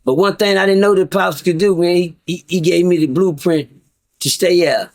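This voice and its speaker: Middle-aged man, higher pitch, casual storyteller, profane, stammering repeats. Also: fairly even intonation, normal speed. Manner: profane, repetitive, stammering restarts. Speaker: guest storyteller.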